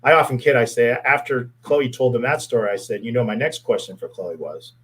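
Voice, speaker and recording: A man's voice: medium pitch, a little fast, a bit bright, breathy edge, low-quality recording. A middle-aged man from the Pittsburgh area, a former police officer, telling a heartfelt story in a casual interview, earnest and often repeating his words.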